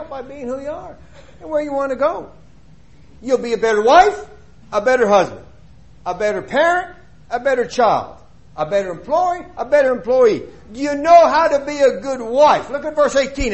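High-pitched emphatic male preacher. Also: lively intonation, brisk. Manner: emphatic, rhetorical questions, swings between loud and quiet. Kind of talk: sermon.

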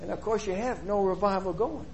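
A middle-aged man preaching a sermon, emphatic, asking rhetorical questions and swinging between loud and soft delivery. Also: high voice, a little fast, slight background noise.

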